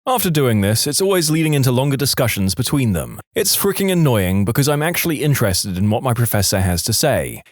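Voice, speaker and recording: A man's voice: mid-range voice, no echo. A man narrating online stories aloud with a dry, wry delivery on a close microphone. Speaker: story narrator.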